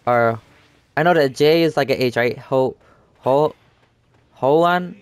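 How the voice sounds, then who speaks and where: A young man chats loosely over his game footage, trailing off and restarting his thoughts as he goes. His voice is smooth and clear, recorded dry and close with no room sound. He sits at a middle pitch for a man. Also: slow, long pauses, no echo. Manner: rambling, chatty, lots of fillers and restarts. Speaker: gaming YouTuber. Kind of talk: casual gameplay commentary.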